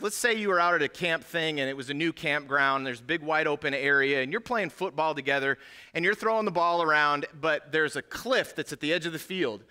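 A male pastor delivers a sermon in a church with an impassioned, preaching cadence. His voice is bright and forceful, sitting a bit high for a man. He drops quiet and low, then rises sharply for emphasis. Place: church sanctuary.

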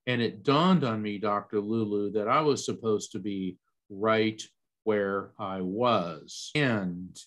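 A man from Central Florida, a psychic medium guest, telling a story with animated delivery on a podcast interview. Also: takes it slowly. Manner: animated storyteller, lively jumps in pitch on quoted lines.

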